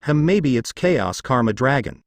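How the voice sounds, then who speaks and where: A man's voice: medium pitch, expressive, measured pace, no room sound, close to an everyday voice. A man reading aloud as an eager young male devil who guides newcomers.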